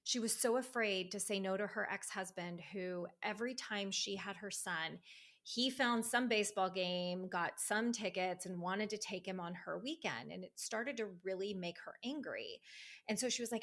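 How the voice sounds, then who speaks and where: A woman speaking as a divorce recovery coach in a casual podcast conversation, emphatic and animated, acting out quoted voices. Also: medium pitch, moderate pace. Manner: emphatic, fired up.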